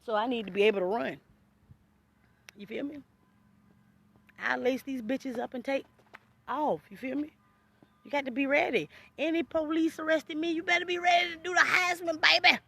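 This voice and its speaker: A woman vlogger ranting casually to her viewers, loud and animated, full of slang and swearing and quick laughs. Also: sits high, vocal fry. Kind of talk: casual rant to camera.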